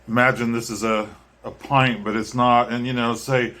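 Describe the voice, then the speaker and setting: A man chats casually to his viewers, drifting from thought to thought. He hesitates often, filling gaps with ums and restarting his sentences. His pitch sits at an ordinary middle for a man. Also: little pitch movement, moderate pace, a bit bright. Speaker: vlogger and musician. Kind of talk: casual talk to camera.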